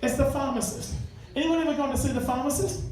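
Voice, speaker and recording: A man with an extremely high, slightly mellow voice talks quickly through a crude, chatty stand-up set at a live pub venue, bantering with the crowd. The room is echoey, the mic sits far away, and audience laughter fills the background.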